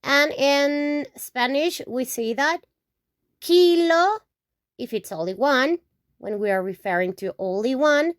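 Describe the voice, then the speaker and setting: Slow, patient woman teaching Spanish words. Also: fairly high pitch, no echo, clean studio sound. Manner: repeats each word slowly, checks in with "okay?". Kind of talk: slow alphabet lesson with repetition.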